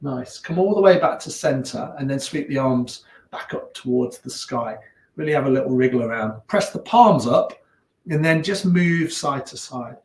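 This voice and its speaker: A yoga teacher with a Leicester accent talks his class through slow breaths and stretches. His cues are calm and unhurried, broken by easygoing chatty asides. His mid-pitched voice rings around an echoey room. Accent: Leicester English. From England. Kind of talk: guiding a gentle yoga class.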